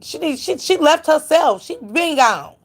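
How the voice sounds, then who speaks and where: A woman's voice: high voice, very animated, a little slow. Blunt woman gossiping to chat. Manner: blunt, profane, preachy, calls out chat viewers by name. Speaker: live stream commentator. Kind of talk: casual gossip commentary to live chat.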